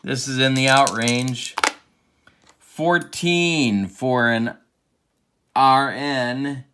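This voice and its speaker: A man's voice: mid-range voice, extremely slow, pushed and bright, clear, resonant tone. A man doing play-by-play commentary of a tabletop baseball game replay, with an announcer cadence and open rooting for his team. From Central Illinois.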